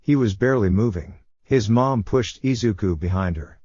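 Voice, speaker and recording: Low-voiced man narrating a story. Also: normal speed, darkish tone, no room sound. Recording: dull dry lo-fi recording.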